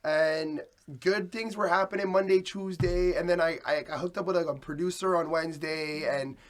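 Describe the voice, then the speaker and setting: A man cohosting a casual podcast, with a voice a bit higher than most men. He tells rambling stories in a loose, easygoing way. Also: steady tone, moderate pace.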